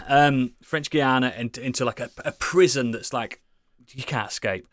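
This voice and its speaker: A man's voice: mid-range voice, measured pace, fairly bright tone, no echo. A British man co-hosting a casual podcast, rambling enthusiastically with lots of swearing and restarts. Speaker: podcast co-host. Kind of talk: casual chat.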